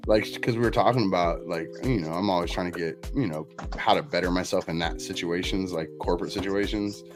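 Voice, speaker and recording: A man's voice: low-pitched, brisk. A man, telling a long workplace story in a casual, profane, self-mocking way. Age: 40s. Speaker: podcast host. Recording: music playing underneath.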